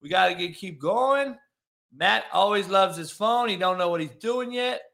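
A high-pitched man with a bright, forceful voice hosts a loose, profane sports talk show. He talks loudly and excitably over a remote call, swearing as he goes. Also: moderate pace, vocal fry. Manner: loud, excitable, swears freely. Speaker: podcast host. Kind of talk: casual profane sports chat.

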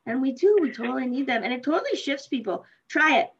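A middle-aged woman with a fairly high voice tells a casual story, lively and animated. She laughs often and acts out the people she quotes. The recording sounds muffled and lo-fi. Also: quick pace, slightly rough. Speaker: guest.

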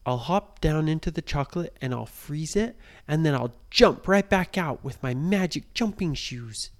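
A man's voice: on the high side, animated, normal speed, voice pushed up. A man voicing a cautious young boy on an adventure in a bedtime story, often half-whispering. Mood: eager. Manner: hushed, half-whispered warnings.

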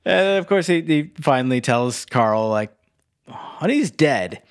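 A man's voice: mid-range voice, lively intonation, smooth. A man co-hosting a podcast, casually reviewing a movie, recapping the plot with lots of "like" and restarts. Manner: halting, many fillers and restarts while recapping. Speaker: podcast co-host.

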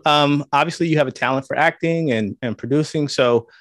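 A man hosting an interview, asking measured questions and giving brief affirmations. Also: fairly high pitch, a bit bright, no echo, studio quality. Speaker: interview host. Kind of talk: casual interview conversation.

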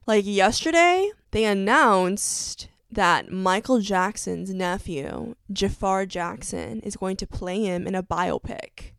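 A woman's voice: medium pitch, clean tone, dry recording. A woman in her twenties chatting casually to camera as a vlogger, gushing and chatty, with lots of "like".

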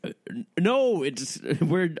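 Podcast host guy, slightly high voice, goes up and down a lot, keeps laughing and going along with the bit. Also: very animated, slow, a little mellow. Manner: laughs often, plays along incredulously. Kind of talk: casual comedic chat.

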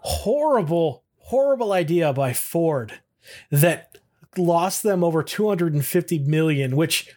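Guy w a fairly high voice chatting thru an old tv episode, lively, laughs a lot. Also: unhurried. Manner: animated retelling, laughing often. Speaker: podcast co-host. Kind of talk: casual recap of a TV episode.

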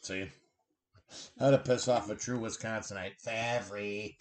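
A man's voice: lowish voice, fairly even intonation, moderate pace, darkish tone. A middle-aged man hosting a casual chat, joking crudely and reading out news headlines. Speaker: podcast host.

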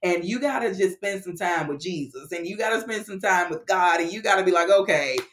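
A woman's voice: fairly low pitch, fairly quick, fairly bright tone. A woman podcast guest speaking earnestly and motivationally in casual conversation, with talk of faith.

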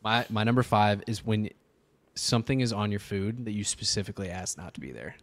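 A man's voice: lowish voice, a little fast. A young man co-hosting a podcast in casual chat, blunt and laid-back with short replies. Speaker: podcast co-host.

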